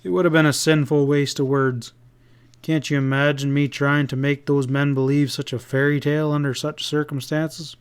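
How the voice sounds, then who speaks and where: A man reading the part of a grave, brooding young cowboy in a low, subdued tone. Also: level tone, moderate pace, smooth, natural voice. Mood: wry.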